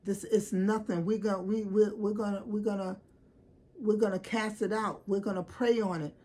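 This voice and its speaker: A woman's voice: mid-range voice, steady tone, moderate pace, dark tone, natural voice. A woman voicing an imagined loyal female friend who rallies her with prayer talk, repeating herself in a preachy, rousing way. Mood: rallying. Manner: preachy, rallying repetition. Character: loyal churchgoing woman friend, fiery and encouraging.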